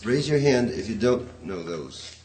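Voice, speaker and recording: A man's voice: on the low side, very animated, unhurried, a little mellow, slight background noise. A man lecturing a poetry class, rambling and hesitant, chanting rhythms aloud to show them. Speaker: poetry teacher.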